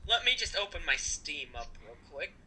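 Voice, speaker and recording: A man's voice: a little high, big pitch swings, moderate pace, crowd noise, low-quality recording. A man chatting on a podcast in a playful, mock-dramatic way. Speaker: podcast co-host. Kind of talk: casual podcast banter.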